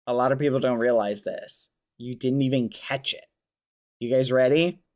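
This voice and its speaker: A man's voice: medium pitch, steady tone, normal speed, darkish tone. A man live-streaming a game, talking straight to his chat and swapping swear words for clean ones.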